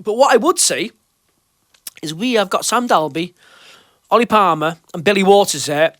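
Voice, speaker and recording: In a clean, dry studio recording, a podcast host with a high, animated and fairly bright voice speaks at a moderate pace. He chats easily on his fan show, reading questions aloud and reassuring listeners, with loose restarts along the way.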